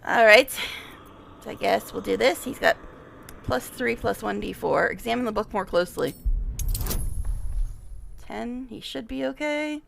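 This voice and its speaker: A woman's voice: on the high side, a little slow, gravelly, long pauses, fairly bright tone, a little hiss or hum. Giggly, chatty woman streamer. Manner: chatty and giggly, with frequent laughs. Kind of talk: casual gameplay commentary.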